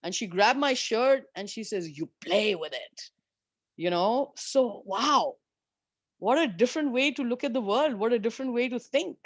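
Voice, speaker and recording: A woman's voice: a little high, moderate pace, dry recording. Candid woman telling golf tour stories. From India. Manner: animated, candid, swears freely. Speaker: professional golfer guest. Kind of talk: storytelling in an interview.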